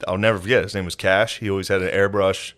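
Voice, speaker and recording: A man's voice: low voice, level tone, fast, fairly bright tone. A man co-hosting a comedy podcast, telling crude stories with swearing, laughing and exaggerated impressions of the people in them. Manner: storytelling with exaggerated impressions of others. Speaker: podcast co-host. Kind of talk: casual comedy podcast banter.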